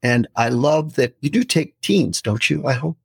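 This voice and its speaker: A man in his sixties, a podcast guest, telling lively stories and acting out quotes in casual talk. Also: medium pitch, normal speed, creaky, slightly rough, no echo, clean studio sound. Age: 60s. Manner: storytelling, lively, animated quotes.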